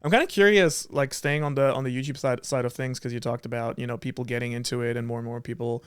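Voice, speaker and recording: A man's voice: mid-range voice, steady tone, quick pace, clean tone, no room sound, clean studio sound. A man hosting a casual podcast chat, asking curious, loosely rambling questions and agreeing readily. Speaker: podcast host.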